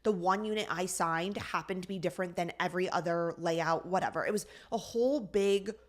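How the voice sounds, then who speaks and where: A woman co-hosting a podcast, telling a long, frustrating story in a lively, exasperated way. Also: fairly low pitch, brisk. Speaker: podcast co-host. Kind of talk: casual storytelling chat.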